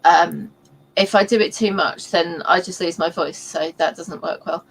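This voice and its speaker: A woman's voice: fairly low pitch, fairly even intonation, moderate pace, gravelly, a little hiss or hum, low-quality recording. A woman co-hosting a writing livestream, rambling and explaining step by step with many ums. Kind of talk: casual livestream chat.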